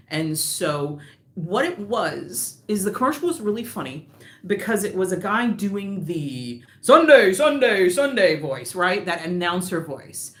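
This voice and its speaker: A woman's voice: fairly low pitch, roomy sound. A woman who designs knitting patterns, hosting a live stream in casual chat that wanders off on tangents, laughing often.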